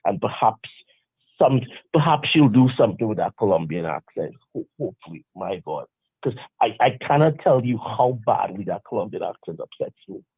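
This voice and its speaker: A man's voice: lowish voice, animated, normal speed, vocal fry, breathy edge, dry recording. A man calling in to a live show, chatting casually and rambling with restarts. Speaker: caller. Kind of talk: casual call-in chat. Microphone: phone call. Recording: tinny phone line.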